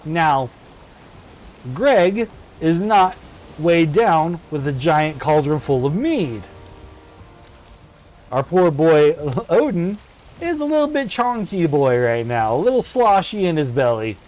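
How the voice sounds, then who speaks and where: A man's voice: fairly high pitch, slow pace, long pauses, a little hiss or hum. Playful man streaming a game. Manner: playful and animated, with laughs. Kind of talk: casual gameplay chat with storytelling.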